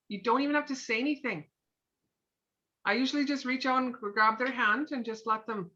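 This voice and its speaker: A sales team trainer with a fairly high voice gives a live motivational coaching talk to a room, bright, forceful, chatty and encouraging. She slips into quick acted-out scenes, and her voice sounds muffled and dull, like a lo-fi recording.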